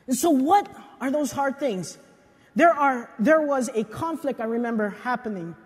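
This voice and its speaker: A young adult man preaching a sermon in a casual, confessional way, with animated asides and personal stories. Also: very high-pitched, normal speed. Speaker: pastor. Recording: long hall reverb.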